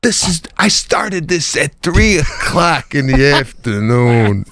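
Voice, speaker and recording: A man's voice: fairly high pitch, sing-song, slow pace, a bit bright. A middle-aged man co-hosting a podcast, venting in casual chat and acting out what others said. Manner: exasperated venting, acts out quotes. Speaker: podcast co-host.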